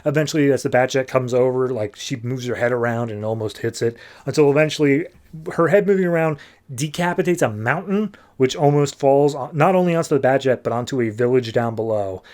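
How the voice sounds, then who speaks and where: A male podcast host talks through a comic book plot in a loose, rambling way. His voice sits at an ordinary middle pitch. He drops in quick character voices as he goes. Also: a little mellow. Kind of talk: casual comic book recap.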